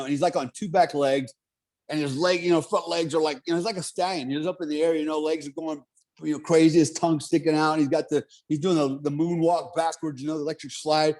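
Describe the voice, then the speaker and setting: Animated casual male storyteller. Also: fairly high pitch, fast talker. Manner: animated, swearing, laughing often.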